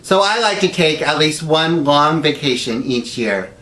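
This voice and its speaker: A man's voice: fairly high pitch, animated, measured pace, pushed and bright. A man hosting a web series, telling self-deprecating comic stories full of pop culture jokes. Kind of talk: comic monologue. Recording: echoey room, distant mic, music underneath.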